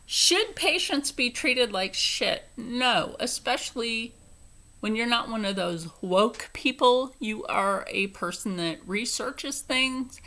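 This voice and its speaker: A woman's voice: on the high side, expressive, takes it slowly, sharp tone. A young woman with a Philadelphia accent ranting to camera, profane, indignant and emphatic. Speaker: vlogger. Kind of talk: angry rant to camera.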